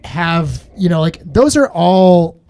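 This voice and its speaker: A man co-hosting a movie podcast, with a mellow, darker tone over a slightly high pitch. He lays out points in a steady, explanatory way. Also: takes it slowly, slight background noise. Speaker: podcast co-host. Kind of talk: casual movie podcast chat.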